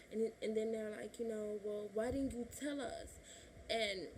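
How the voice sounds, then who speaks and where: A woman's voice: medium pitch, darkish tone, slight background noise. A woman of twenty-one from Illinois, telling a personal story to her camera in a chatty vlog, laughing often and acting out what her family said. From Illinois, USA. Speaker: vlogger.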